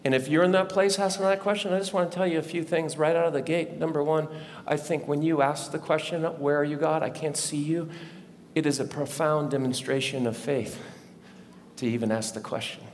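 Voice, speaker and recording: A man's voice: fairly high pitch, fairly even intonation, brisk. A middle-aged man, a lead pastor, preaching a sermon to a live congregation in a church, conversational and often asking the listeners questions. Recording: long hall reverb, faint background noise.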